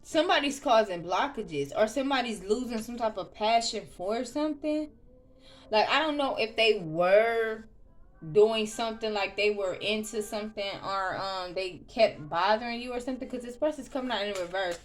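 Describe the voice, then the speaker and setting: A woman giving a casual tarot reading, chatty and loose, with frequent ums and restarts. She opens with a softly murmured prayer. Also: on the high side, normal speed. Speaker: tarot reader.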